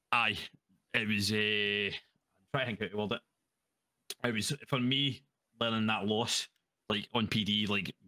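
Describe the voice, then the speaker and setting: A man's voice: fairly low pitch, sharp tone, no echo. A Scottish man chatting as a guest in a casual interview, rambling, swearing freely and laughing often. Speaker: guest roleplayer.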